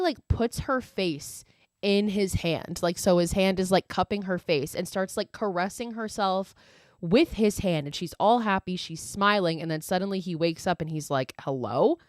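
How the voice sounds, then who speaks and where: A woman's voice: mid-range voice, normal speed, dry recording, studio quality. A young woman hosting a podcast, recapping a horror movie in a chatty, swear-filled way with lots of "like". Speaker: podcast host.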